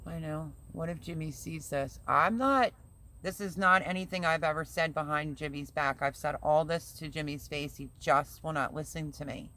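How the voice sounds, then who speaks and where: A woman's voice: sits low, moderate pace, bright, forceful tone. A woman hosting a casual live stream who vents chattily and reads viewer comments aloud. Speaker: livestream host.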